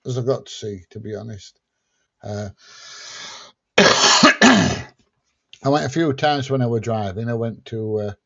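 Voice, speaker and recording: A man's voice: medium pitch, a bit bright, highs cut off. A man hosting a casual livestream, reading out viewer questions and answering them plainly. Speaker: livestream host answering chat. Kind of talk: casual chat.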